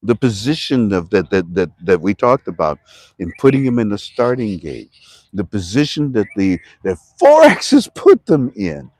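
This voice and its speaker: A man from Ohio, talking to camera about currency in a rambling, animated way and sometimes shouting for emphasis. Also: on the low side, normal speed, no echo, clean studio sound. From Toledo, Ohio. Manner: animated, shouts for emphasis, talks to himself in two voices. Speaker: currency commentary vlogger. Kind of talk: casual rambling talk to camera.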